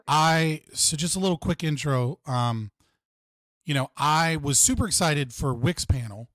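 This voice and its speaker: Hosting a laid-back livestream, a young American guy wanders from thought to thought and keeps saying "like." The voice sits a little high and a bit bright, and he takes his time; the recording is dry and studio quality.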